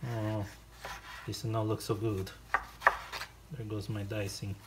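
Slow and lowish, with little pitch movement, a man's voice carries a home cooking video as he chats casually to himself and his dog. The home kitchen setting brings loud noise throughout, from chopping to clinking dishes and cutlery.

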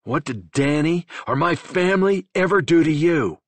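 A male narrator voicing an enraged young man who confronts someone with quiet menace and sudden shouts in an audiobook. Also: a little slow, breathy edge, dry recording, heavily acted. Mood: angry menacing. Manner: low menacing, bursts of shouting. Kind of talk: audiobook character voice.

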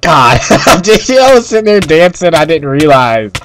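A young man casually chatting and laughing while playing a co-op game, exclaiming loudly at every mishap. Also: a little high, sing-song, measured pace, a little hiss or hum. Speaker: Minecraft co-op player. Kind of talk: casual gameplay chat.

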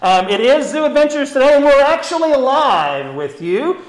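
A man's voice: very high-pitched, sing-song, normal speed. A man hosting a live zoo education program, chatty and upbeat, explaining how animals are grouped with memory tricks. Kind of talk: live educational stream, casual teaching. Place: indoor room at a zoo. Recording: echoey room.

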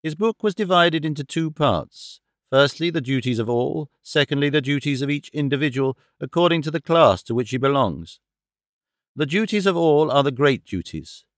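A man reading a classic novel aloud as an audiobook narrator, in a measured, formal storytelling manner. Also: fairly high pitch, lively intonation, dry recording, studio quality. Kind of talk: scripted narration.

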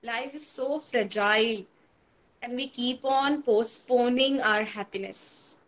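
A woman's voice: a little high, slow, fairly bright tone. A woman with an Indian English accent giving an earnest motivational talk on mind management, telling stories. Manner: earnest, storytelling, mixing in Hindi.

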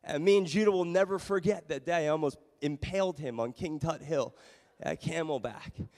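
Animated, high-voiced man preaching in a reverberant church. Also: normal speed. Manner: animated, self-mocking storytelling. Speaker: pastor. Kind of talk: sermon with a personal story. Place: church sanctuary. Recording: long reverb of a church hall.

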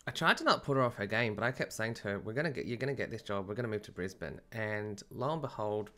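A man's voice: on the low side, sing-song, very fast, bright, forceful tone. A man telling a personal story in a casual, chatty podcast monologue, often breaking into laughter. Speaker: medium and podcast host.

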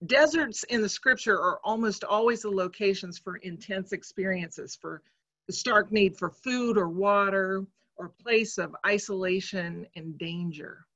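Slow, measured woman preaching a sermon. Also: medium pitch, pushed and bright, muffled recording. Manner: measured, reflective storytelling. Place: church.

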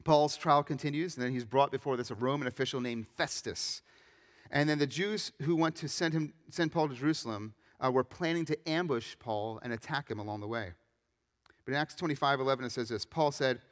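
A young adult man, a pastor, preaching a sermon with animated storytelling and acted-out voices. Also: mid-range voice, a little fast, big-room sound. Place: church sanctuary.

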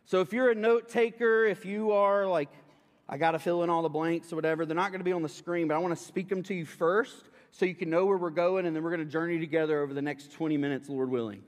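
A man's voice: on the high side, fairly even intonation, fast. A young man preaching a sermon, telling a humorous personal story to the congregation in a casual, chatty way. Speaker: pastor. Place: church sanctuary. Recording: long reverb of a church hall.

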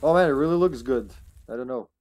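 A man streaming a video game live, chatting casually and playfully, breaking into excited shouts. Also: medium pitch, quick pace, soft background music. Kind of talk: live gameplay commentary.

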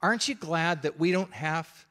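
A man's voice: fairly high pitch, normal speed, pushed and bright. A middle-aged man preaching a sermon, telling a story in a conversational way and checking in with his listeners.

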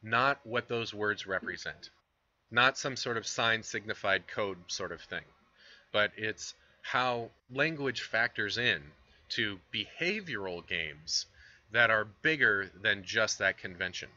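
A man talks through a philosophy reading in a loose, conversational lecture, full of fillers and asides to his viewers. His voice sits on the low side yet sounds very bright and forward. The recording is dull and lo-fi, like a home computer mic. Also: expressive, takes it slowly. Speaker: philosophy instructor.

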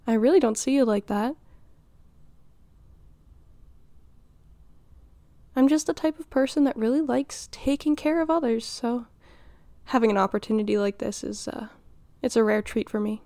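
A woman's fairly high, mellow voice, close to how she'd sound day to day, is captured in a dry recording. She voices a doting, flirtatious middle-aged mother in an audio role-play, being nurturing and teasing, giggling and pausing flustered.

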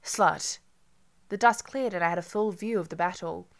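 A woman narrating an audiobook in an intimate, measured first-person reading. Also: lowish voice.

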